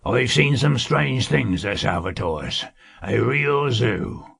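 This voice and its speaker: Male narrator puts on a sly, greedy plotter for an audiobook; rough, breathy, slow, unhurried. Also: medium pitch, expressive, a bit bright, no room sound, studio quality, exaggerated voice. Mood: smug. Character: sly scheming male servant, cunning and greedy.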